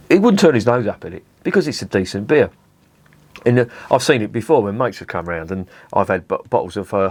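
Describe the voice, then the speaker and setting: A man's voice: lowish voice, no echo. A man reviewing beer in a vlog, ranting in a sweary, exasperated way and often restarting his sentences.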